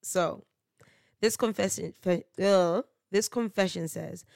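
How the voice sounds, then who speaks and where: A woman's voice: medium pitch, slow, vocal fry, darkish tone, dry recording, clean studio sound. A woman hosting a casual solo podcast. She tells slangy stories animatedly, laughs often and acts out what people said. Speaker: podcast host.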